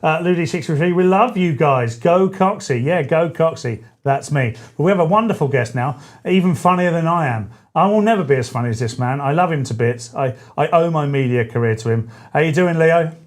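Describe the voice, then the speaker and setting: A man's voice: fairly high pitch, lively intonation, brisk, few pauses. Bloke in his 40s hosting a livestream, light voice, rambly jokey chat. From England. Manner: chatty, jokey, self-correcting asides. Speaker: show host. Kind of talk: casual live-stream chat.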